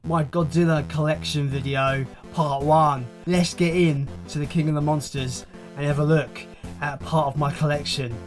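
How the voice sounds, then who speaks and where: A man's voice: on the high side, fairly even intonation, moderate pace, soft background music. A man hosting a casual show-and-tell vlog from home, enthusiastic and repeating his words as he talks. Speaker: channel host.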